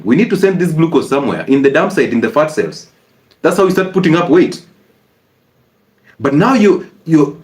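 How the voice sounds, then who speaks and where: A man giving a lively health talk, animated and teasing, with rhetorical questions. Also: on the high side. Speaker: health educator. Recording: echoey room.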